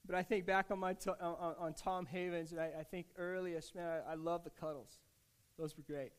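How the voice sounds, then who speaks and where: A male pastor with a notably high voice delivers a heartfelt sermon. He talks in a conversational way, restarting phrases and dropping casual asides. His delivery dips to a near hush and then rises to emphatic, louder stretches. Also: little pitch movement, a little fast, clear, resonant tone. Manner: earnest, with swings between hushed and emphatic delivery.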